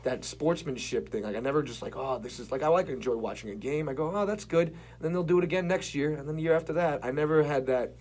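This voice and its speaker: A man's voice: mid-range voice, fast, hardly any pauses, darkish tone, a little hiss or hum. A man chatting on a podcast, sounding bemused and questioning while others tell their stories. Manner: bemused, questioning, laughs easily. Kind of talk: casual chat.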